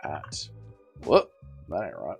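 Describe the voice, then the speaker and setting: A man's voice: very deep voice, wildly swooping pitch, takes it slowly, gravelly, faint music behind. A man hosting a livestream, casually reading out chat with blunt, swearing jokes. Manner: joking, blunt, swears, trails off quietly. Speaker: livestream host.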